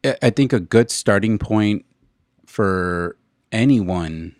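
A man's voice: fairly low pitch, slow pace, no room sound, clean studio sound. A young adult man in casual chat, giving laid-back, encouraging advice with casual swearing.

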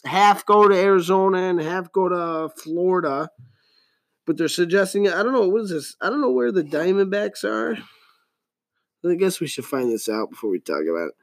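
A man's voice: sits high, a bit bright. Rambling, cursing man in his thirties. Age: 30s. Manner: rambling, profane, joking. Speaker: podcast host. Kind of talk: casual solo podcast rant.

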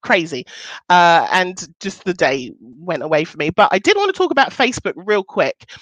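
A woman's voice: very animated, moderate pace, a bit bright, no echo, highs cut off. Chatty upbeat woman hosting a livestream. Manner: chatty and upbeat, swoops up in pitch for emphasis. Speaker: business coach hosting a live show. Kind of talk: casual livestream talk to viewers.

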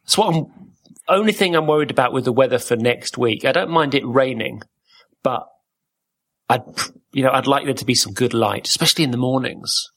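Husky guy hosting a podcast, chatty and playful, wanders off into stories. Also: mid-range voice, a little fast, a bit bright. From Wales. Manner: playful, rambling storyteller. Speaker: podcast host. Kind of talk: casual chat.

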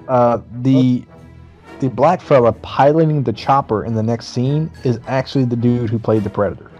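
A man's voice: mid-range voice, normal speed, lo-fi sound, faint music behind. Swearing man recapping a movie. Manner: animated storytelling with profanity, acts out movie lines. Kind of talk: casual movie recap chat.

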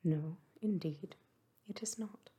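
A woman voicing a reserved, formal gentleman colonel in a whispered role-play reading. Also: fairly low pitch, slow. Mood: grave.

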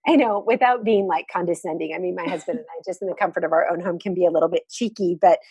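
A woman chats reflectively and laughs easily as she talks. Her voice is slightly husky and somewhat low. The sound is dry and close, with no room echo. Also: fast talker. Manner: warm, laughs often, reflective. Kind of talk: casual conversation.

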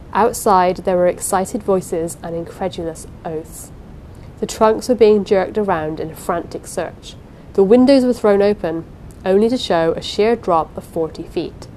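A woman's voice: fairly low pitch, warm tone, a little hiss or hum, poor audio. A woman narrating a first-person story aloud, reading in a dramatic, suspenseful way. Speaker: audiobook narrator.

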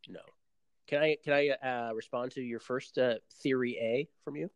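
A man's voice: medium pitch, steady tone, normal speed, clean tone, no echo, dull audio. A man co-hosting a podcast, chatting casually and playfully, arguing his points with rhetorical questions. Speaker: podcast co-host. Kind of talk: casual chat recapping a reality show.

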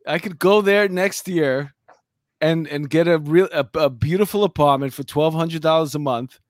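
A man's voice: fairly high pitch, normal speed, dry recording. A man in his fifties hosts a casual chat and spins stories in a talkative way. His voice is dry and close. He restarts his phrases often. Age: 50s. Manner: storytelling, chatty with many restarts.

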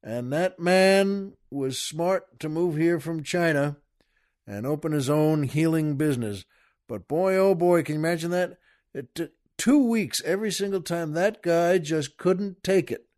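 A man's voice: on the high side, measured pace, a little mellow. Folksy man telling a rambling joke. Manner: folksy, repetitive, chuckling. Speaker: host.

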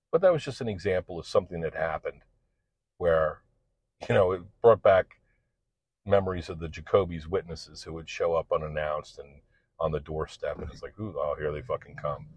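A man's voice: a bass voice, normal speed, darkish tone, no echo. A middle-aged man telling a rambling, profane story in a casual, candid monologue. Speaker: podcast host and father. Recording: dull lo-fi recording.

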